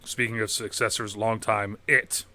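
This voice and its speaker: A man with a bright, forward voice rambles through casual movie talk, dropping swear words as he goes. He is recorded close and dry, with no room sound around him. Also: fairly low pitch, little pitch movement, moderate pace, dry recording. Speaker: podcast host.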